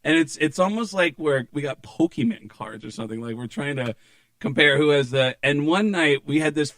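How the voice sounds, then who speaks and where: A male stand-up comedian telling stories in a casual chat, animated and profane, slipping into voices. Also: fairly high pitch, normal speed, dry recording.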